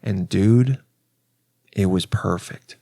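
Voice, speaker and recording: A man's voice: low-pitched, slow, vocal fry, dark tone, dry recording, clean studio sound. A young adult man hosting a podcast, telling a story in a casual, rambling, profane and self-mocking way, with many restarts. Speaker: podcast host.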